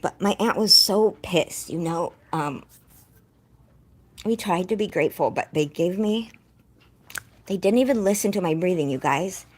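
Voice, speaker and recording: A young woman with a husky, low-set voice tells her viewers a painful story. She rambles and restarts, sounding shaken and close to tears. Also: measured pace, pauses often, a little mellow. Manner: distressed, rambling, breaks off to scold her dog. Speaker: vlogger.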